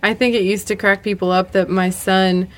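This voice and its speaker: A woman co-hosting a podcast in casual chat, encouraging and quick to laugh. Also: medium pitch, little pitch movement. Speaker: podcast co-host.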